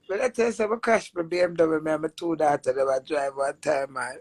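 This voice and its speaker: A middle-aged Jamaican woman with a low-sitting voice speaks at a measured pace, with no echo. Chatting casually on a live stream, she tells stories animatedly and laughs often.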